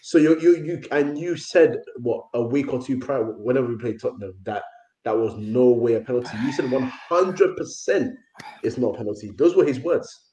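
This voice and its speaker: A man's voice: medium pitch, moderate pace, warm tone, echoey room, rough recording. A man on a football podcast, earnestly pressing a point in casual chat. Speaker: podcast co-host.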